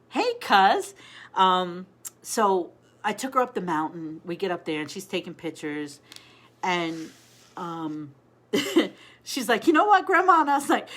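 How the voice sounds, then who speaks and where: A woman's voice: mid-range voice, a bit bright. A middle-aged woman hosting a casual live stream, chatting and telling stories while greeting viewers by name.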